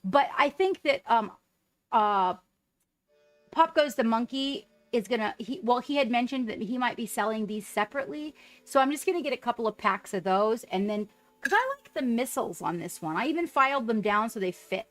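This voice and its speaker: A chatty woman with a somewhat high voice talks excitedly through a casual livestream. She keeps breaking off to greet viewers by name. Soft music plays quietly underneath. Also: moderate pace. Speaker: livestream host painting miniatures.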